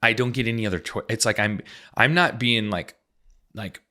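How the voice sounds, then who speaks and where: A man with a fairly low voice and a bright, forward edge tells his own story in a relaxed interview. He acts out the people he quotes and peppers his talk with casual fillers. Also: normal speed. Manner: animated, acts out quoted dialogue, many "like" fillers. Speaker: podcast guest, missionary. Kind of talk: personal storytelling in a conversational interview.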